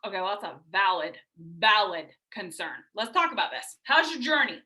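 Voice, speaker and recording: A woman's voice: medium pitch, sing-song, fast, few pauses, sharp tone. A woman leading a team call, giving blunt, emphatic coaching advice. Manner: blunt, emphatic, talks straight to her team. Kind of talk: team call pep talk.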